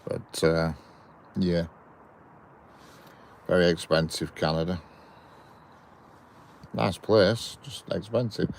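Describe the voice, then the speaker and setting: A man's voice: deep voice, slow pace, vocal fry, pauses often, a little hiss or hum. A Northern English man chatting casually at the trackside, reading and answering viewers' messages in a rambling way. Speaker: trainspotting livestream host. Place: outdoors by a railway line. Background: birds and outdoor ambience.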